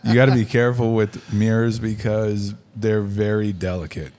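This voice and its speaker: A man's voice: lowish voice, little pitch movement, moderate pace, a little mellow. A man co-hosting a podcast, chatting casually with dry, teasing quips. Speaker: podcast co-host.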